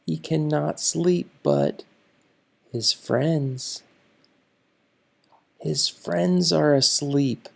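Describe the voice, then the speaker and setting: Slow, gravelly man reading to children. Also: on the high side. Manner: slow, deliberate, explaining each page. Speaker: teacher reading aloud. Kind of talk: shared reading of a picture book for children.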